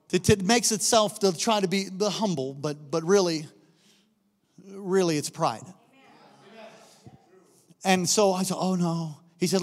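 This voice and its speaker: A man preaching a sermon, telling stories with acted-out voices and swinging between quiet asides and loud, shouted peaks. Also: sits high, long reverb tail. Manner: animated storytelling, acts out characters, shifts between quiet asides and shouting.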